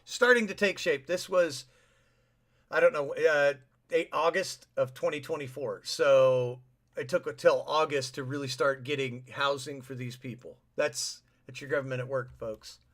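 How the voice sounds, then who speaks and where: A man's voice: medium pitch, steady tone, a little slow. A man co-hosting a podcast in casual chat, wry and sarcastic about government. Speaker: podcast co-host.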